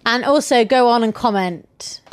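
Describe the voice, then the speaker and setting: A woman's voice: fairly high pitch, a little slow. A woman with a Welsh accent co-hosting a podcast, chatting casually and cutting in with dry remarks. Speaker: podcast co-host. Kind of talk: casual chat.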